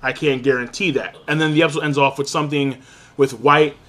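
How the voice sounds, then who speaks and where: A young man giving a casual, excitable review, swearing constantly and swinging between loud outbursts and low, calmer talk. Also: fairly quick. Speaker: anime reviewer.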